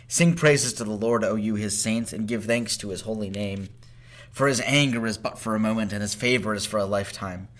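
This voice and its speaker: A man reading psalms aloud in a measured, solemn way, rising on the lines of praise. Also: fairly low pitch, a bit bright. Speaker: scripture reader. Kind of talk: scripted scripture reading.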